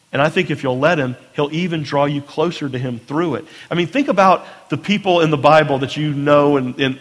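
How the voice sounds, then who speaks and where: A man preaches to his congregation with earnest conviction, often stumbling over and repeating the first words of a phrase. His voice sits fairly high for a man. A long reverb trails behind him in the church hall. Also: a bit bright. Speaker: pastor. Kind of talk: sermon.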